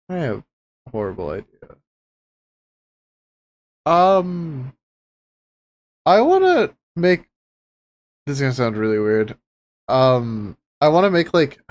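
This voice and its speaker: Lively laughing man at the game table. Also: medium pitch, takes it slowly, long pauses. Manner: laughing, swearing, animated. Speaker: player. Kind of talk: tabletop game play, casual chat.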